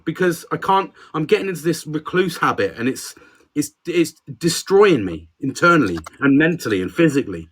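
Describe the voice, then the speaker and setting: A man's voice: mid-range voice, a little fast, fairly bright tone. A man co-hosting a casual podcast, talking candidly and self-critically, with a lot of swearing. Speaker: podcast co-host.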